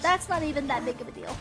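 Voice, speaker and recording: High-voiced young woman, giggly rambling chat. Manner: rambling, giggly, swears casually. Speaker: gaming streamer. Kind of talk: casual chat while gaming. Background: faint game music.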